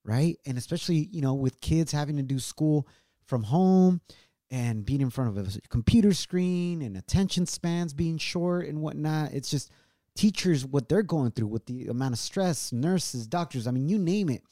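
A man's voice: a little high, expressive, moderate pace, dark tone, no echo. A man in his thirties hosting a show from his home studio, talking earnestly and emotionally and slipping Spanish phrases into his English. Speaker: show host. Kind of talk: heartfelt casual chat.

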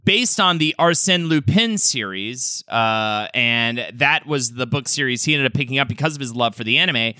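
A man's voice: medium pitch, lively intonation, moderate pace, hardly any pauses, sharp tone, clean tone, no echo. A man co-hosting a podcast, casually telling game history and joking with his co-host.

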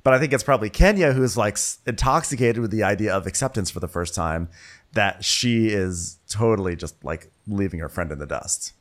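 A man's voice: fairly low pitch, expressive, fairly quick. A man co-hosting a comedy podcast, recapping a reality show with dry quips. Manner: dry, quippy. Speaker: podcast co-host.

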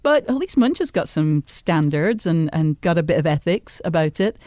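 A woman's voice: deep voice, very animated, moderate pace, warm tone, no echo, studio quality. A woman co-hosting a podcast, giving wry, opinionated takes on a TV episode in casual chat. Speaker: podcast co-host.

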